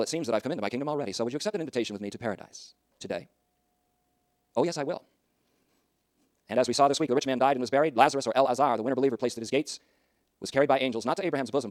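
A male preacher delivers a sermon at a rapid clip, words tumbling out quickly. He swings dramatically between loud emphasis and hushed asides. The sound is dry and close, with no room echo. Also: medium pitch.

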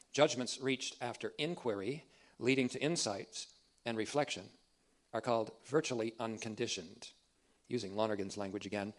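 A man teaching a theological sermon, deliberate and emphatic, repeating key phrases for emphasis. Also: mid-range voice. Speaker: preacher.

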